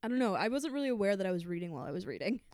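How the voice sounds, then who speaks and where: A woman co-hosts a casual book chat in a relaxed, offhand way. Her voice is smooth and clear. The recording is dry and close. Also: mid-range voice, rapid-fire, no echo. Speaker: podcast co-host.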